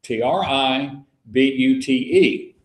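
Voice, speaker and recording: A man's voice: mid-range voice, takes it slowly. Bible study leader, male, folksy storyteller, roomy echo on the recording. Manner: folksy storytelling, spells words out letter by letter. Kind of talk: casual teaching talk to a small group.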